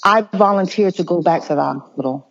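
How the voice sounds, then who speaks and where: A male nurse speaking as an interview guest, earnest and impassioned, often halting and restarting mid-sentence. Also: high-pitched, creaky, fairly bright tone. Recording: muffled lo-fi audio.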